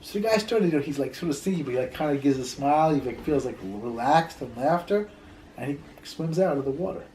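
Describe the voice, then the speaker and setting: A man's voice: on the high side, lively intonation, a little fast, dark tone, slight background noise, poor audio. A rabbi teaching a Torah class in a loose, conversational way, telling stories, repeating words as he thinks, and dropping in Hebrew terms.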